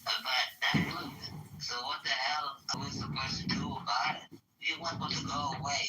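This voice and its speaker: A man's voice: medium pitch, level tone, normal speed, bright, forceful tone, a little hiss or hum. A man talking as a guest in casual chat, blunt and profane, hammering his points home. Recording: echoey, distant from the mic.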